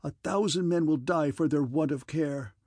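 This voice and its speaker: A terrified, degenerate emperor gasps out thin, breathless shrieks, as a man puts him on in an audiobook. The voice leaps far above his own range. It has a husky rasp and sounds close and dry. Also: on the high side, moderate pace, a little mellow, no room sound, natural voice. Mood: bitter.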